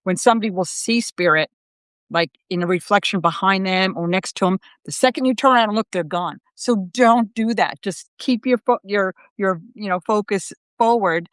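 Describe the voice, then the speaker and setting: A middle-aged woman hosting a show as a psychic medium, chatting casually and telling lively stories in which she acts out the lines of the people in them. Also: medium pitch, normal speed, no echo. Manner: lively storyteller, acts out quotes with laughter. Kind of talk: casual conversational chat.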